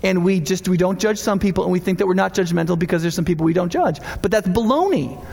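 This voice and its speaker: Animated pastor with a gravelly voice. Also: male voice, sits high, fast talker. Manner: conversational and animated, acting out quoted voices. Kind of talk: casual sermon. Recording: long hall reverb.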